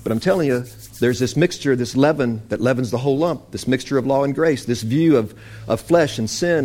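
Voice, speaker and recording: A man preaching, emphatic and animated, quoting scripture as he teaches. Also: medium pitch, fairly quick, faint music behind. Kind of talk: sermon-style teaching.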